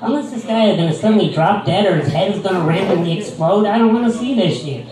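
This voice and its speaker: A man's voice: high-pitched, lively intonation, fast, far from the mic, a crowd in the background. A man doing stand-up comedy, telling his stories in a dry, crude, rambling way, full of hesitant fillers. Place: comedy stage. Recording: echoey room, mic heard from afar.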